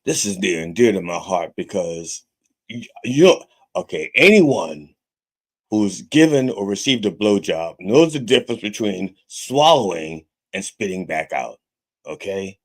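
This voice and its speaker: As a mock reverend hosting a podcast, a man swears freely through a comic monologue, his pitch rising and falling expressively. He speaks a little slowly and keeps checking in with listeners by asking "okay," repeating himself often.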